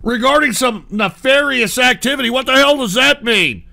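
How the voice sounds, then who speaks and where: High gravelly man ranting angrily. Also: lively intonation, normal speed. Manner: angry profane ranting, yelling at callers and chat. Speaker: radio show host and streamer. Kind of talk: call-in radio show rant.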